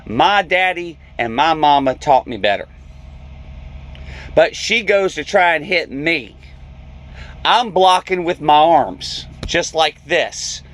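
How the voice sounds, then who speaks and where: Speaking slowly in a slightly high voice, a male truck driver narrates a vlog story with lively energy, acting out each character's lines.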